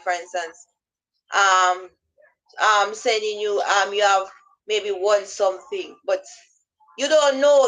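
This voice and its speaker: Here a woman with a mid-range voice offers scam-awareness tips in a loose, instructional vlog style. She wanders through her points and acts out both caller and victim on the phone, all captured in a low-quality recording.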